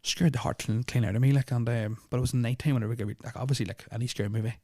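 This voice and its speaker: Fast-talking man, rambling. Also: medium pitch, steady tone, dark tone, no echo, studio quality. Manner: rambling, full of "like" fillers, restarts and swearing; nervous, uneasy retelling. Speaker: podcast host. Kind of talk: casual storytelling of personal experiences.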